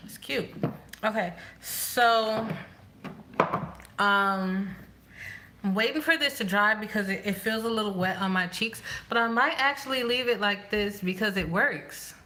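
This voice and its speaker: A woman vlogger chatting casually to herself as she does her makeup, rambling and thinking out loud. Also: mid-range voice, measured pace, slight background noise. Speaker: beauty vlogger. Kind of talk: casual chat while doing makeup.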